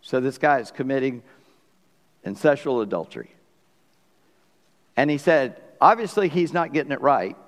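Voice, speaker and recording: A man's voice: medium pitch, expressive, normal speed, long pauses. Man preaching in a reverberant hall. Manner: conversational, folksy preaching with asides to the congregation. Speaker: pastor. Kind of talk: sermon.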